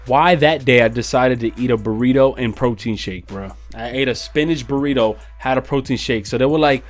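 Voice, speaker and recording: A man's voice: medium pitch, a little fast, faint music behind. A man telling a profane, slangy story in a casual vlog. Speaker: vlogger.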